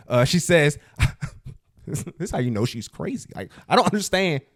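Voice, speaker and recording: Animated, slangy male podcast host. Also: medium pitch, normal speed. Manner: storytelling, laughs often, slangy. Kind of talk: casual gossip chat.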